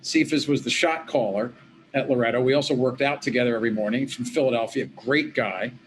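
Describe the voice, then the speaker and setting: A man, a former politician and law professor, recounting events as an interview guest in a lively storytelling manner, acting out the dialogue he quotes. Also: mid-range voice, fairly quick, slight background noise. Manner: animated, acts out quoted dialogue. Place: home office at a desk.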